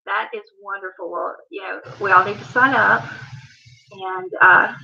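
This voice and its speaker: A woman's voice: medium pitch, steady tone, a little slow, vocal fry, bright, forceful tone, a little hiss or hum. A woman with a Blue Ridge Mountain accent, hosting a livestream from home in a chatty, rambling way. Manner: chatty and rambling, with a Southern drawl. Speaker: livestream host. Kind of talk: casual chat. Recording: slightly muffled livestream audio.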